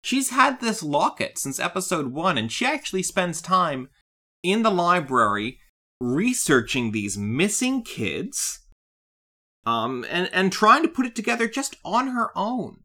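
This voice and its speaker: A woman co-hosting a podcast, chatting casually about a cartoon series, animated and laughing often. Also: fairly low pitch, a little slow. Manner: animated, laughs often, puts on silly voices. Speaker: podcast co-host.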